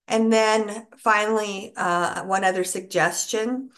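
A woman teaching caregivers in a calm instructional talk, with a repetitive, reassuring coaching manner. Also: medium pitch, slow. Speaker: dementia care educator.

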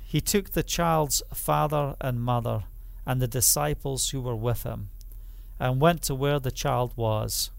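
A man preaching a sermon, emphatic and repetitive, who builds up to loud exclamations. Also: medium pitch, measured pace, creaky, no echo.

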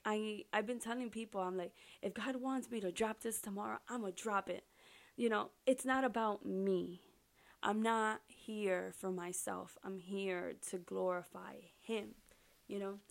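A young adult woman hosting a faith podcast, talking earnestly and then praying softly. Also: medium pitch, gravelly. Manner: earnest, heartfelt, soft-spoken in prayer. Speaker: podcast host. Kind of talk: faith podcast talk and prayer.

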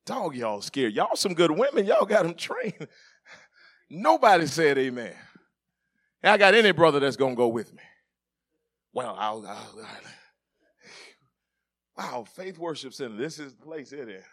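A man preaching with a high voice that is bright and ringing. He drifts from quiet, joking talk with the congregation to loud shouted preaching. He is a middle-aged pastor. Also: big pitch swings, a little slow, pauses often. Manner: swings from soft conversational asides to shouted preaching; jokes with the congregation, laughing. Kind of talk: sermon.

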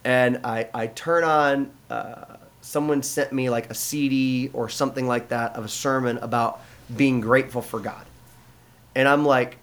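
A man's voice: mid-range voice, fairly even intonation, unhurried. A middle-aged man from the United States tells his own story with a pastor's earnestness. His voice sits in an ordinary middle range. He talks conversationally, often stopping to restart a thought, with plenty of fillers. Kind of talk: conversational testimony in an interview.

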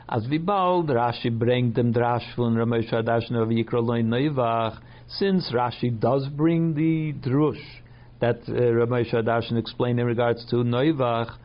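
A man giving a text study lesson, mixing Yiddish and Hebrew phrases into English, halting and translating each phrase. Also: mid-range voice, lo-fi sound. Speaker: Torah teacher.

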